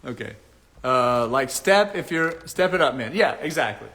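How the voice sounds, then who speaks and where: A man's voice: medium pitch, expressive, moderate pace, fairly bright tone. A man giving blunt dating advice on a casual live stream, mocking and laughing at his own points while reading chat.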